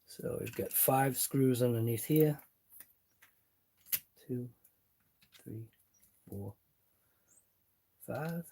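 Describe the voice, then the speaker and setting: An RC hobby channel host streams a live RC car workshop from his garage, muttering his thinking aloud while he works with his wrenches. He speaks very slowly, pausing often, in a gravelly yet mellow voice over slight background noise.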